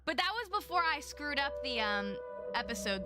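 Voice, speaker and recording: High-pitched young woman streamer, chatty and effusive, laughing often, music playing under her. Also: big pitch swings, normal speed, sharp tone, no echo. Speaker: livestreamer. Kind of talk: casual livestream chat. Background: music playing behind.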